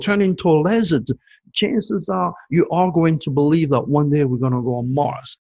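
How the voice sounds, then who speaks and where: A middle-aged man with a gravelly, husky voice that sits a bit high for a man. He rants to his viewers in an emphatic, preachy solo monologue and keeps tagging his points with "okay?". It sounds like an astrologer talking straight to his own channel. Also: darkish tone, poor audio.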